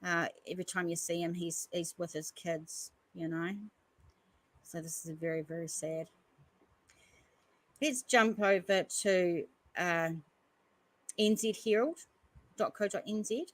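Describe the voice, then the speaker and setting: A woman's voice: lowish voice, fairly even intonation, unhurried, long pauses, dry recording, rough recording. A woman who hosts a podcast, reading news articles aloud and stopping often to add earnest comments. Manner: earnest, stops often to comment between passages. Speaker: podcast host.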